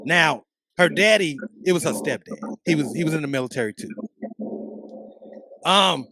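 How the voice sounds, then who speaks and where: A man co-hosting a podcast, telling a story in a casual, profane, animated way. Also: a little high, normal speed. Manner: animated, profane, acts out quotes. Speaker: podcast co-host.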